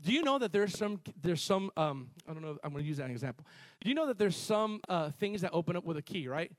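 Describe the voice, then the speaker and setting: Male pastor preaching, high-pitched and lively, restarts lines, dry close recording. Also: quick pace, no echo. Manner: animated storytelling, shifting between loud emphasis and quiet asides; repeats and restarts phrases, calls on the congregation. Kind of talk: sermon.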